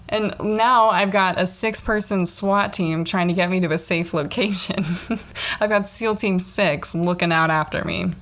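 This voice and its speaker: A young woman in college, hosting her own podcast and telling a personal story in a chatty, animated way, swearing often and filling her talk with "like". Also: fairly low pitch, a little slow. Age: young adult. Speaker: podcast host.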